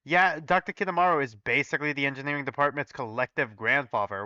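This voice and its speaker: A man hosting his own channel, reading a story aloud and breaking in with loud, swearing asides, on a dull, dry recording. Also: medium pitch, fast talker, few pauses, no room sound. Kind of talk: casual reading commentary.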